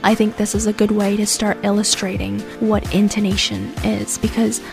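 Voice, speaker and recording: Casting note: woman, gravelly low-edged voice, teacher explaining slowly, music bed behind. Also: level tone. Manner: gentle, explanatory, speaks slowly. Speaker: English teacher and host. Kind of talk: casual lesson talk. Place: based in the US.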